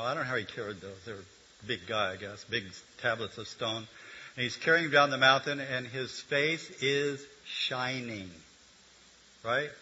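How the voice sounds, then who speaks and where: Bright-voiced older man preaching. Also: medium pitch, husky. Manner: conversational teaching with humor and asides. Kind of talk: sermon. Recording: dull lo-fi recording.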